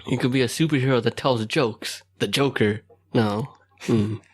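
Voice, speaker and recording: A man's voice: medium pitch, moderate pace, breathy edge. Chatty laughing man. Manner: laughs often, rambling with many fillers. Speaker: podcast co-host. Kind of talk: casual chat.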